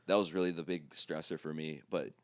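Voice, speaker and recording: A man co-hosting a podcast, telling a story in casual chat, profane and animated, acting out his own reactions. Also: rumbling low, brisk, dry recording, clean studio sound. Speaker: podcast co-host.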